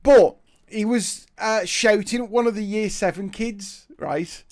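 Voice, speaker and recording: A man's voice: high-pitched, a little slow. A man telling a funny story in casual chat, acting out quotes and laughing as he goes. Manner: animated, laughing anecdote-teller who acts out quotes. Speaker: podcast co-host.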